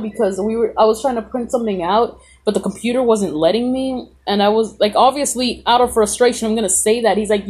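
Husky young woman, sarcastic rambling. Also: a little high, quick pace, hardly any pauses, darkish tone. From Mexican family. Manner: rambling, sarcastic, frequent "like" and "bro". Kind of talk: casual storytelling.

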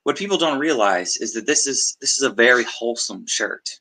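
A man chatting casually as a podcast guest, wry and deliberate. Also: medium pitch, lively intonation, pushed and bright, low-quality recording. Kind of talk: casual chat.

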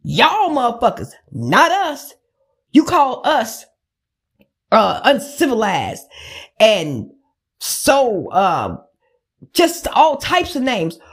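Woman, angry profane rant, high-ish voice, unhurried. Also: huge pitch swings, breathy edge. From United States. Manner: profane, heated, emphatic. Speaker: podcast host.

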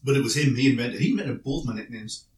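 A man's voice: medium pitch, fast. A man co-hosting a casual podcast, telling rambling, self-mocking anecdotes with frequent restarts. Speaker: podcast co-host. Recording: roomy, distant mic, faint noise.

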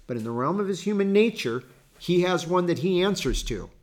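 A man's voice: high voice, brisk. Earnest folksy male Bible teacher. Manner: earnest, folksy, with animated storytelling asides.

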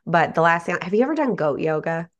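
A woman's voice: on the low side, expressive, fast talker, dull audio. A woman in her forties telling stories emphatically as a casual podcast co-host. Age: 40s. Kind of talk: casual chat.

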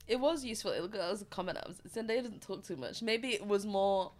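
A woman's voice: mid-range voice, brisk, darkish tone. A young woman, chatting casually as a podcast co-host and telling stories with frequent laughter. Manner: chatty storyteller, laughs often. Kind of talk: casual chat.

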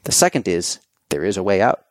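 Male podcast guest, low voice, dry sound, loose animated storyteller. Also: brisk, no echo. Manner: animated storytelling, acting out quoted thoughts; loose and conversational, many fillers. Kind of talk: casual conversation.

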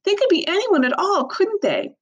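A woman's voice: very high voice, wildly swooping pitch, moderate pace, voice pushed up, full character voice. Woman doing an anxious young girl. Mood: worried.

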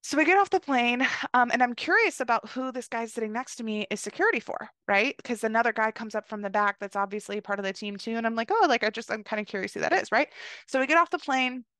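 A woman's voice: fairly high pitch, quick pace, sharp tone, dry recording. A young woman from the United States hosting a podcast, telling a story in a casual, chatty way, filling her speech with "like" and "you know.". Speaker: podcast host.

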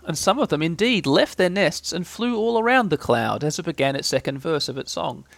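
A man reading a children's storybook aloud in a gentle, unhurried way. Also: a little high, animated, gravelly, dry recording. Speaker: reader.

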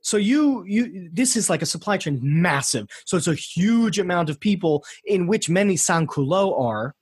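American man, husky slightly high voice, dry close mic, casual rambling history podcast host. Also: lively intonation, normal speed, dry recording. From United States. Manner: rambling storyteller, frequent restarts.

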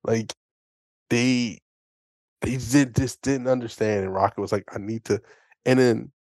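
A man co-hosting a podcast, chatting casually and excitedly about a movie, rambling and acting out lines. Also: medium pitch, a little slow, no room sound, studio quality. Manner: excitable, rambling, acts out quotes. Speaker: podcast co-host. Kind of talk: casual movie review chat.

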